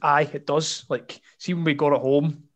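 A man with a Scottish accent telling a funny story in casual chat, animated and laughing often. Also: a little high, moderate pace. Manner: animated, laughs often, lots of fillers and asides. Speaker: podcast guest storyteller.

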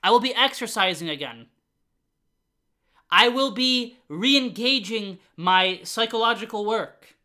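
A man's voice: high-pitched, lively intonation, unhurried. A man hosting his own podcast, talking through his struggles in an earnest, uplifting monologue and repeating phrases for emphasis. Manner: grows loud and fired up at times. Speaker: podcast host.

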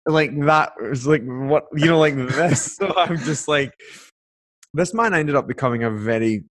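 A young man, appearing as a guest in a casual chat, tells a long personal story full of fillers and acted-out quotes. He sounds chatty, and his mid-range voice moves at a normal speed.

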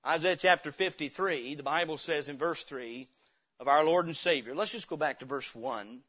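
A man preaching a sermon as pastor, impassioned, rising louder at the climaxes of his points. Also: a little high, moderate pace, highs cut off. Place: church.

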